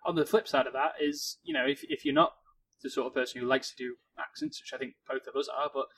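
A man's voice: on the high side, fast talker, creaky, husky, low-quality recording. Encouraging podcast man. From Cheshire, England. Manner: encouraging, gives calm advice with small restarts. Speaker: podcast co-host. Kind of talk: casual podcast chat.

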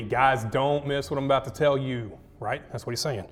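A man teaching a Bible study in a relaxed, conversational way, dropping in slang and checking in with "yeah?" and "right?". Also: medium pitch, brisk, in a large hall.

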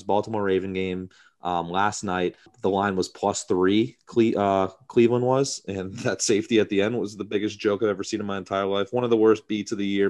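A man's voice: fairly low pitch, darkish tone. A man co-hosting a podcast, bantering loosely and rambling with jokes among friends. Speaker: podcast co-host.

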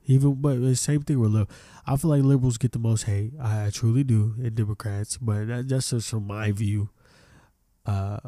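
Gravelly man ranting on a podcast. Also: lowish voice, dark tone, dry recording, clean studio sound. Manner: profane, heated venting with restarts. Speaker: podcast host. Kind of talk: solo podcast rant.

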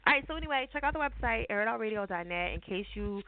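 A woman's voice: fairly high pitch, lively intonation, racing, no room sound. A woman hosting a radio talk show, talking in a laid-back, slangy, rambling way. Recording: tinny phone-like audio.

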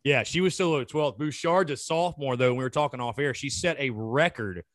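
A man's voice: mid-range voice, brisk, a bit bright, no room sound. A man chats as a podcast guest, upbeat and repeating his words as he goes. His voice sits in the middle range, recorded dry and close. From North Augusta, South Carolina. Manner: enthusiastic, repeats words, says "man" often. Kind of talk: casual podcast chat.

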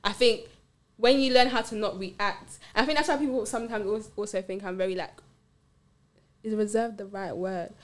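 A woman's voice: medium pitch, normal speed. A young woman in a casual chat, talking thoughtfully and searching for her words with plenty of fillers. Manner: gets loud and laughing when ranting.

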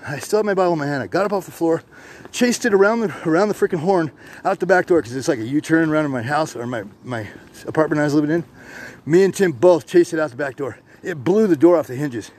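A middle-aged man telling stories in casual, profane, animated speech as a podcast host. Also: on the high side, slight background noise. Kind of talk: casual storytelling. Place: outdoors on a hilltop.

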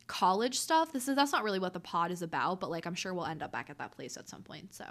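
Young woman podcast co-host, giggly, bright and lively, right up on the mic. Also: on the low side, fast talker. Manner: giggly, playful, laughs often. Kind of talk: casual chat. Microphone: very close to the microphone.

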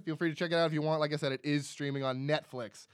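A man's voice: a little high, fairly even intonation, quick pace, clear, resonant tone, no room sound, clean studio sound. Chatty young man who swears freely. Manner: chatty, laughs often, swears freely, agrees a lot. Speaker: podcast co-host. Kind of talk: casual movie-review chat.

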